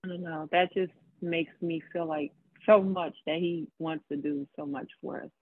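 A woman taking part in a casual group Bible study, speaking slowly and softly. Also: low-pitched, steady tone, no echo, phone-quality sound.

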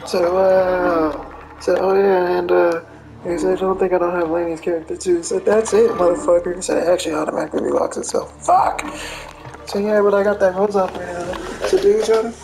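A woman's voice: on the low side, fairly even intonation, brisk, vocal fry. A woman giving casual gameplay commentary, cursing freely, laughing often and retelling trash talk as quoted back-and-forth. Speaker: gamer.

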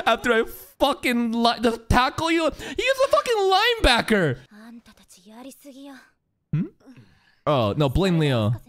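A man reacting live to an anime episode in casual commentary, excitable and foul-mouthed, laughing often and talking back at the screen. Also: high-pitched.

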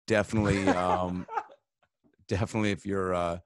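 Swearing often and filling gaps with fillers, a male comedian rambles through comic riffs as a podcast guest in casual conversation. He has a deep, level voice at a moderate pace, recorded with studio quality and no room sound.

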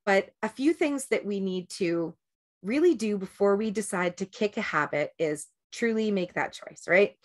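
A woman's voice: medium pitch, expressive, normal speed. A woman giving a casual, rambling talk on breaking habits before a group meditation, often restarting and checking in with "right?".

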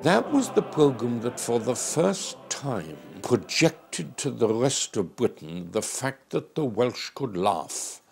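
An older man, a former radio performer, reflecting in an interview with pauses. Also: medium pitch, sing-song, creaky, faint music behind. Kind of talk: documentary interview.

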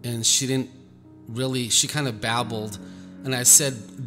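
A man, a Christian minister, telling a personal testimony in an earnest, halting way, repeating words as he goes. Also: mid-range voice, steady tone. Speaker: Christian minister recounting an experience. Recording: echoey room, faint music behind.

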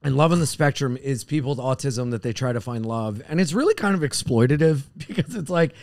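A man's voice: medium pitch, lively intonation, fairly quick, darkish tone, dry recording. A man co-hosting a podcast, trading crude jokes in casual comedic banter, recorded on a close podcast mic. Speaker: podcast co-host.

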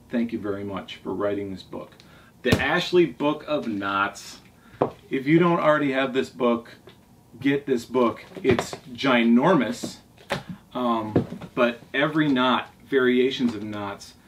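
Man, casual show-and-tell, enthusiastic, rambling, mid-pitched voice, distant mic. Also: slow pace. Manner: enthusiastic, rambling, with restarts and asides. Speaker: sailing vlogger showing his library. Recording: distant mic, faint background noise.

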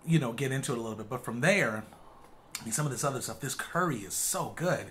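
A man in the middle of his range chats casually over a meal, relaxed and agreeable. He fills the gaps with hums of approval while he eats. A faint hiss of noise sits under his voice. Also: mid-range voice, fast talker. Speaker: co-host of a couple's channel. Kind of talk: casual mukbang chat.

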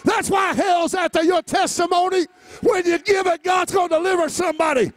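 A male pastor preaching a sermon, moving between quiet personal storytelling and shouted, rising refrains, with easy laughs along the way. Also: very high-pitched, steady tone, fairly quick. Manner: laughs easily between lines.

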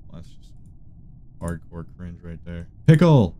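A man's voice: low-pitched, steady tone, measured pace, mellow, soft background music. A man streaming an online game, muttering sarcastic asides and swearing casually. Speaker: streamer playing a social deduction game. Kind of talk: casual gaming chat.

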